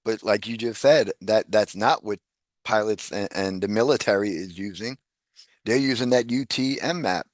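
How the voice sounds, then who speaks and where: A man chatting casually as a podcast guest, animated, laughing often and repeating words as he talks. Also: fairly low pitch, moderate pace, dry recording, studio quality.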